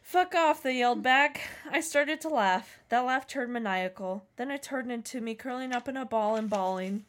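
Young woman, fairly high voice, reads her teenage fanfic aloud with theatrical flair. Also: moderate pace, hardly any pauses, fairly bright tone, slight background noise. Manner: theatrical reading, jumping high for quoted lines. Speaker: co-host reading her old writing aloud. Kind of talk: dramatic reading of teenage fan fiction.

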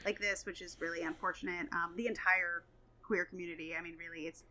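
Woman, co-host, casual chat, quick, emphatic, laughs often. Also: on the low side, fairly even intonation, bright, forceful tone, low-quality recording.

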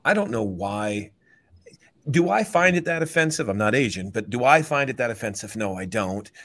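A man hosting a casual sports podcast, thinking out loud and restarting his sentences. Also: mid-range voice, animated, normal speed. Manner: rambling, stops and restarts to rethink. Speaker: podcast host.

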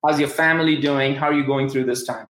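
A man's voice: medium pitch, fairly even intonation, fast talker, a bit bright, echoey room, poor audio. An enthusiastic man with a Southern US accent hosting a live-streamed interview, talking in rambling bursts with many restarts. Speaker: host.

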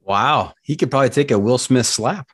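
A man's voice: mid-range voice, normal speed, fairly bright tone, slightly rough. A man hosting a podcast who asks questions casually and repeats words as he stammers. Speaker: podcast host. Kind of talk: casual interview.

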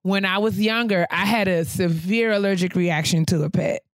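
A podcast co-host, a woman, tells a story during casual chat with a mid-range voice at a moderate pace. She's an animated storyteller who acts out quoted voices, and the recording is dry.

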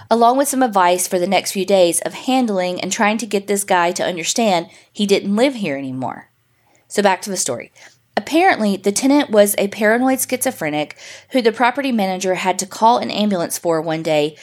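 A woman podcast co-host reading a listener's email story aloud in a steady storytelling voice. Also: mid-range voice.

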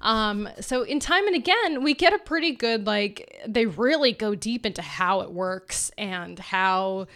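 Brief: chatty female podcast co-host, bright and forceful tone, teasing, talking books over a video call. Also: medium pitch, animated, unhurried, few pauses. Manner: chatty, teasing, laughs easily. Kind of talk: casual book discussion.

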